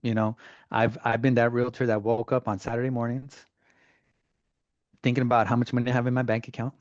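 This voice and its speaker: Animated storytelling man, dry sound. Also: medium pitch, fairly quick, no echo. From Southern California. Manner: animated storyteller, casual slang. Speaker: real estate agent. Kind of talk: casual storytelling interview. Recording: slightly dull, dry recording.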